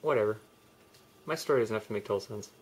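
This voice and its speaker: A man's voice: on the low side, quick pace, a little hiss or hum. A young man telling a personal story in a candid, rambling vlog, often restarting his sentences. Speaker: vlogger.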